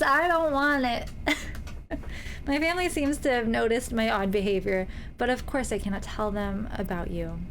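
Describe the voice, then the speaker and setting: A woman's voice: medium pitch, a little hiss or hum. A young woman streaming a story game, reading letters aloud and gushing over them between lines. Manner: gushing, reads letters aloud with quick asides. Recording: faint music behind, slightly staticky audio.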